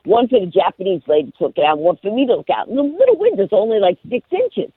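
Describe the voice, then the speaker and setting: A woman guest tells a story with lively energy and does voices for the people in it. Her pitch swings widely and her voice is husky. The sound is dry and tinny, like a phone call. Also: fast, no room sound. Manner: lively, acts out every character. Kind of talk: animated storytelling on a radio call-in.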